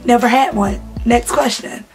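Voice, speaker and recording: A Southern US woman in her 20s tells candid, laughing stories to her vlog audience, speaking casually to camera. Her voice is a little high, her pace moderate, and she's chatty and slangy over soft background music.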